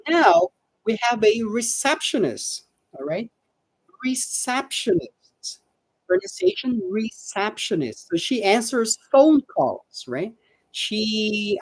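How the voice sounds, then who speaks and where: Female English teacher, patient, drills pronunciation slowly; husky voice, dry sound. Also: mid-range voice, dry recording, low-quality recording. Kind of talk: live online English lesson.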